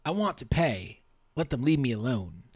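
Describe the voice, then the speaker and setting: A man voicing a feverish, dying gangster with a Southern drawl, rambling in a halting way. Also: medium pitch, very animated, breathy edge, dry recording. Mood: pleading. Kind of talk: playful dramatic reading.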